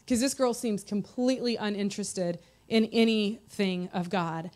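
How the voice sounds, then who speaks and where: A woman's voice: medium pitch, steady tone, moderate pace, darkish tone. A woman in her thirties giving an earnest, conversational personal testimony in church. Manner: earnest, conversational, heartfelt storytelling.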